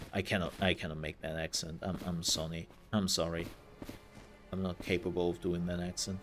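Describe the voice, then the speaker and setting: A man's voice: low-pitched, level tone, moderate pace, a little hiss or hum. A man giving casual let's-play commentary, thinking aloud as he plays and trailing off into fillers. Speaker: gaming content creator.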